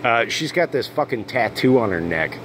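A man's voice: medium pitch, moderate pace, noisy background. A man telling a crude, swear-filled story as the host of a casual rant video. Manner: crude, swearing constantly, animated. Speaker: channel host.

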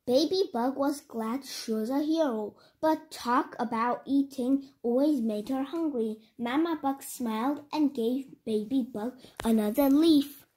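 A woman reading a children's storybook aloud, slow, clear and expressive. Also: high voice.

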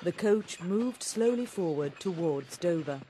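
Slow, clear woman narrating a story. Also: on the low side, expressive, dark tone, slight background noise. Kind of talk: scripted audiobook narration.

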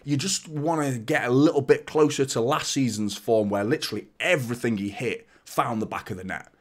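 A man talks football in a casual preview, rambling and opinionated. He keeps restarting and repeating words, laughing now and then. His voice sits at an ordinary middle pitch for a man. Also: a little fast. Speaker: football fan channel host.

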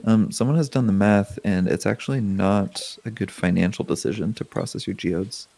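A man's voice: fairly low pitch, moderate pace, vocal fry, dark tone, no room sound. A man co-hosting a gaming show, laid-back, with dry humor, chatting as he plays. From Oregon, USA. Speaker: co-host and gamer. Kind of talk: casual chat while playing.

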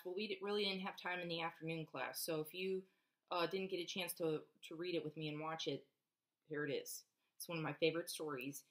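A woman's voice: lowish voice, fairly bright tone. A woman, a preschool teacher, reading a picture book aloud to children, counting along and asking them questions. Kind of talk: read-aloud storytelling for children.

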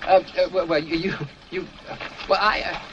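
A man's voice: sits high, fairly even intonation, a little fast, fairly bright tone, dull audio, slight background noise. An actor playing a flustered, earnest young man who stammers and repeats his words nervously, in a 1950s film comedy.

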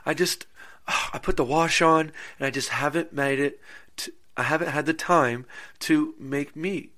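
A man's voice: on the high side, measured pace, sharp tone, voice pushed up. A man putting on a flustered 1890s housewife. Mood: apologetic. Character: fretful apologetic housewife from the 1890s.

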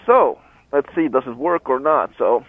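A young man rides his motorcycle and chats into a helmet headset. His mid-pitched voice comes through thin and phone-like, and his talk is loose, with easy restarts. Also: animated, moderate pace, breathy edge. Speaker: motorcycle vlogger. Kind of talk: casual chat while riding. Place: on a motorcycle outdoors. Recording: tinny phone-like headset audio.

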